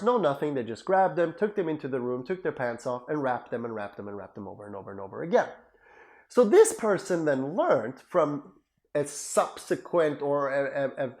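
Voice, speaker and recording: A male psychotherapist giving an educational talk in an animated, emphatic way, repeating phrases for emphasis. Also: medium pitch. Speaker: psychotherapist and lecturer.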